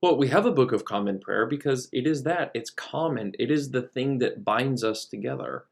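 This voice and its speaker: A man's voice: mid-range voice, moderate pace, gravelly. A man who is a priest, giving a conversational teaching talk with frequent fillers and restarts. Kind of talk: recorded teaching talk over slides.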